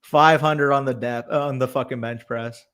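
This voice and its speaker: A young man co-hosting a fantasy football livestream, excitable and profane, laughing often and talking in quick bursts. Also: medium pitch, clean tone. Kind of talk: casual livestream chat.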